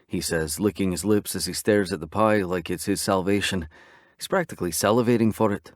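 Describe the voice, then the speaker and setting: A man narrating a romance audiobook in the first person, in a steady, conversational storytelling manner. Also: low-pitched, fairly quick, no room sound, clean studio sound.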